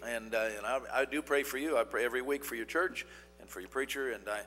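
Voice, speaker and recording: A man's voice: medium pitch, fast, bright, forceful tone, soft background music. Folksy male evangelist in an echoing church. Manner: folksy, with frequent "uh" fillers and "Amen". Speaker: traveling evangelist, guest preacher. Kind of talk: sermon. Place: church sanctuary. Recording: long church-hall reverb.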